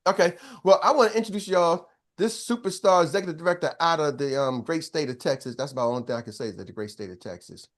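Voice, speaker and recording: A man's voice: on the high side, fast talker. An older man, a business coach, telling a story to an audience in a casual, slangy way and acting out both sides of each conversation.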